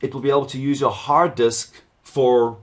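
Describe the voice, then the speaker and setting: Middle-aged man from South Africa, rambling, chatty instructor, mid-pitched voice. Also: fairly even intonation, moderate pace. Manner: chatty, rambling, with asides to viewers. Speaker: cybersecurity instructor. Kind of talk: live workshop teaching.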